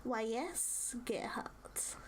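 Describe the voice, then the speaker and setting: A woman's voice: on the high side, lively intonation, extremely slow, in a whisper. A woman playing a crackling old crone seer. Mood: ominous. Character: old crone fortune-teller, cryptic and knowing.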